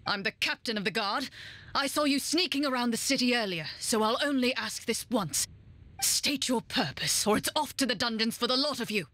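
A woman with a French accent voicing a stern, wounded male guard captain in a game, talking in gruff, suspicious, clipped demands. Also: on the high side, expressive, moderate pace, bright, forceful tone, voice pushed up.

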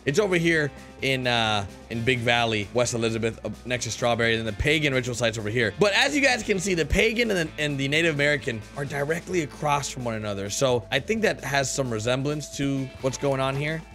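A young man giving excitable gameplay commentary, calling out to his viewers and exclaiming at what he finds. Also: medium pitch, fairly quick, soft background music. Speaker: gaming YouTuber.

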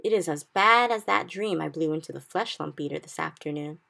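A woman reading aloud gives voice to a big, kindly male giant from a storybook, talking in muddled grammar and made-up words. The voice sits low with a gravelly edge. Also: a little fast, bright, forceful tone, exaggerated voice. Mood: gentle.

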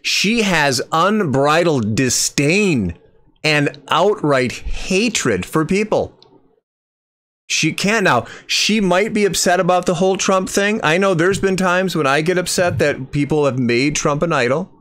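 A man's voice: a little high, animated, measured pace, fairly bright tone. A man commenting on a video clip, incredulous and critical, rambling and restarting his sentences.

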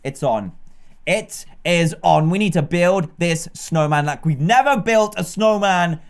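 A young British man giving excitable, chatty gameplay commentary as a YouTuber. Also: high-pitched, a little slow. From Britain. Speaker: gaming YouTuber.

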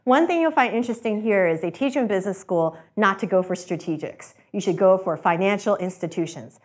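A woman founder giving a conversational talk to students, telling lively stories, acting out quoted exchanges and laughing often. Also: medium pitch, fairly quick.

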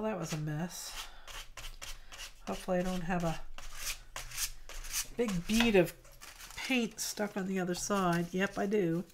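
A woman hosting a casual art livestream, chatting softly and greeting viewers by name as she paints. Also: on the high side, background noise.

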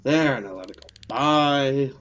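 A man giving let's play commentary on a horror game, swinging between muttered grumbles and angry yelled curses. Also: medium pitch, slow, dull audio, a little hiss or hum. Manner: swings from mutters and whispers to angry shouting, swears a lot. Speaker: gaming video host.

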